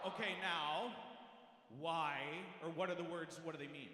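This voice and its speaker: A man's voice: fairly high pitch, fairly even intonation, moderate pace, bright, forceful tone. Upbeat man coaching a crowd in a hall. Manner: upbeat, coaxing, call-and-response. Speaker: choir director leading a crowd. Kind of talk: teaching a fight song to a crowd. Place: large concert hall. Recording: echoey hall, long reverb.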